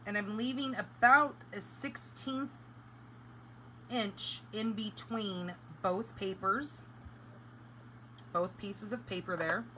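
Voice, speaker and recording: A woman's voice: medium pitch, slow pace, pauses often, sharp tone, a little hiss or hum, rough recording. A woman hosting a live craft tutorial, chatting casually and explaining each step as she works. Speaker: craft demonstrator.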